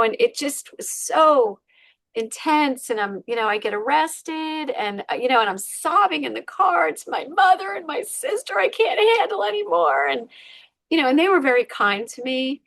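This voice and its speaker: During an interview, a woman podcast guest candidly retells a painful personal story, her speech full of fillers. Her mid-range voice has a fairly bright tone, captured in a dry recording.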